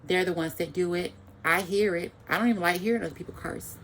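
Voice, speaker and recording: A woman's voice: lowish voice, fast talker, fairly bright tone, slight background noise. A woman giving an angry, profane ranting monologue to the camera, repeating phrases for emphasis.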